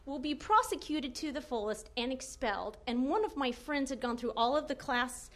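A young adult woman telling a funny personal story in a casual, animated way, laughing often and filling with "like". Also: high-pitched, normal speed.

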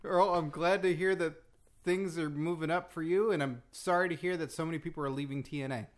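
Brief: male podcast host, slightly high voice, exasperated straight man in a comedy bit. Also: fairly even intonation, brisk.

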